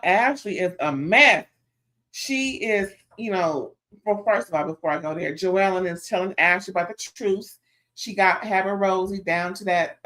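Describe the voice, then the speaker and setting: A woman's voice: medium pitch, fairly bright tone. A woman recapping a reality TV episode in a casual, chatty commentary full of sassy asides.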